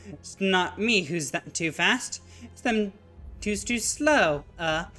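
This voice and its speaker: A streamer voicing a pompous, impatient male factory owner in a game, with an exaggerated put-on Italian accent and brisk, boastful delivery. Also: medium pitch, lively intonation, bright, forceful tone, soft background music. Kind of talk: reading game dialogue aloud.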